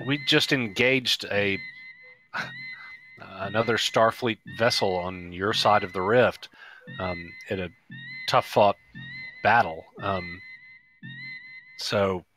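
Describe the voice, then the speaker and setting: A man playing a starship officer in a tabletop game, speaking haltingly with many ums. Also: fairly low pitch, sharp tone, faint music behind, low-quality recording. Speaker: player. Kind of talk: tabletop role-play.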